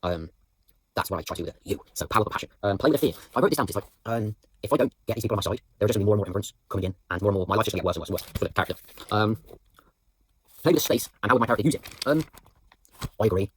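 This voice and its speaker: A man's voice: on the low side, lively intonation, rapid-fire, slight background noise. A young man, a drama student, rambling through a reflective voice note on his acting practice, with many fillers and restarts. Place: indoors at home.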